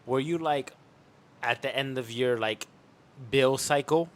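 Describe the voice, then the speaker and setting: A young man co-hosting a podcast in casual chat, laid-back but quick to swear and flare up when something annoys him. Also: medium pitch, fairly bright tone. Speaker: podcast co-host.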